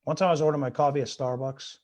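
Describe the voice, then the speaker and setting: Comedian with a high voice doing a stand-up set over video call from his bedroom, quick one-liners, begs the room for laughs. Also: fairly even intonation, a little mellow. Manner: rapid one-liners, pleading with the audience after jokes.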